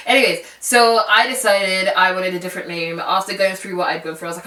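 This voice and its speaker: A woman's voice: on the low side, a little fast, hardly any pauses, bright, forceful tone, distant mic, slight background noise. A young woman telling a candid, rambling personal story in a reflective vlog. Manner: candid, rambling, many fillers. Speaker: vlogger. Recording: roomy, away from the mic.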